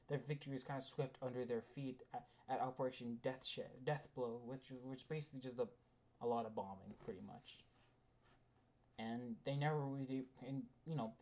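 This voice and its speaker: A man's voice: mid-range voice, a little mellow. A man delivering a casual, rambling spoken rant as a video essayist, with frequent restarts and the odd swear.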